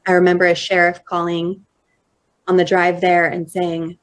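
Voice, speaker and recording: A woman in her thirties giving a personal storytelling talk at a conference, slow and measured, acting out quoted dialogue. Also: on the low side, monotone. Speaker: conference speaker. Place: conference hall.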